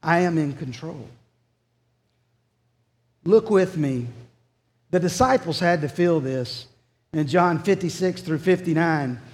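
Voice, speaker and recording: A man's voice: a little high, slow, long pauses, a little mellow, big-room sound. A man preaching a sermon as pastor, earnest and emphatic.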